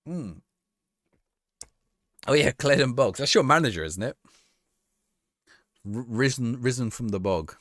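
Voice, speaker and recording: A man's voice: medium pitch, lively intonation, unhurried, pauses often, fairly bright tone, no room sound, clean studio sound. A young man casually chatting through a live game stream, answering chat in a rambling, easygoing way and laughing often. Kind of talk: casual gameplay commentary, reading chat.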